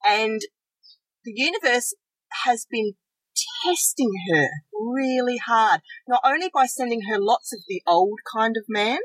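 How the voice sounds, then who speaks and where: A woman co-hosting a spiritual podcast, talking earnestly and rushing through lists with restarts. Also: a little high, no echo, rough recording. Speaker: podcast co-host. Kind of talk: casual spiritual podcast chat.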